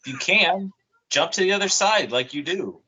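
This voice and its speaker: A man's voice: high voice, lively intonation, moderate pace, pushed and bright, slightly rough, dull audio. A man playing a tabletop role-playing game, bluntly declaring what his character does. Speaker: player. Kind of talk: tabletop role-play chat.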